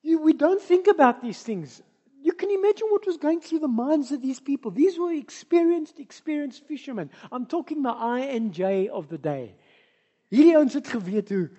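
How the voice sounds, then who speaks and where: A woman with a South African accent preaching a sermon, moving between soft asides and loud, emphatic passages. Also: sits high, animated, moderate pace, dull audio.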